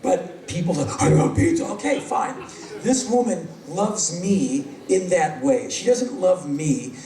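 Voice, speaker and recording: A man's voice: high voice, takes it slowly. Sardonic man telling stories on stage. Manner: animated, sardonic, acts out voices. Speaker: spoken-word performer. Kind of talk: live stand-up storytelling. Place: large hall on stage. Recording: roomy live hall, distant mic. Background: audience laughter.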